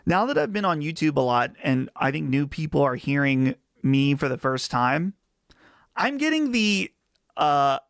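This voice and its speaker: A man's voice: fairly high pitch, very animated, unhurried, fairly bright tone, clean tone, no echo. A man with a Western Pennsylvania accent hosting a casual live chat stream, chatty and rambling on a close mic. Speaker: livestream host.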